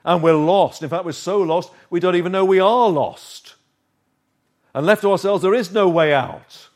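A man preaching a sermon, earnest and emphatic, with dramatic pauses and swings of volume. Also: high-pitched.

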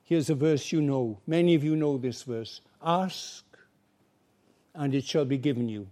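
A man's voice: mid-range voice, unhurried, mellow. A male preacher giving an earnest, pleading evangelistic sermon, acting out little everyday dialogues.

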